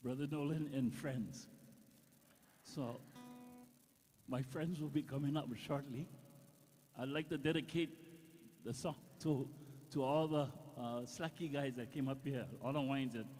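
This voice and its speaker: A man's voice: medium pitch, fairly even intonation, unhurried, pauses often, darkish tone. A man with a Hawaiian accent, a singer talking from the stage before a song, heartfelt and a bit rambling. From Oahu, Hawaii. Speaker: performing singer-songwriter. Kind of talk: on-stage talk between songs. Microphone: stage microphone through PA. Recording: reverberant hall over PA.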